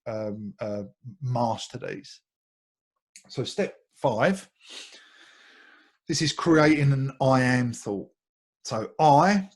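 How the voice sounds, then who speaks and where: Essex bloke, husky voice, friendly meditation teacher who keeps it light. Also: male voice, medium pitch. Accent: Essex English. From Essex, England. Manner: light-hearted, repeats words, laughs often. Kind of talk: guided meditation talk.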